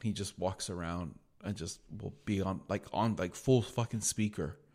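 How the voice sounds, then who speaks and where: Blunt, low-voiced man in casual chat. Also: normal speed, darkish tone. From California. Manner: profane, blunt, mimics people in high voices. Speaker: podcast co-host.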